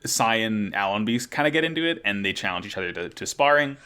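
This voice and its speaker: Lively bright-voiced man podcaster. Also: lowish voice, fast, clear, resonant tone. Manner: enthusiastic, animated, laughs often. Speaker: podcast co-host. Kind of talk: casual chat recapping an anime.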